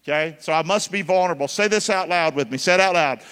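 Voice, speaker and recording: A man preaching to his congregation in a large sanctuary, his voice carrying a long reverb off the walls. He keeps calling for answers from the room and swings between loud, punchy lines and near-whispers. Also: a little high, quick pace, clean tone. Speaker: pastor. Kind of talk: sermon.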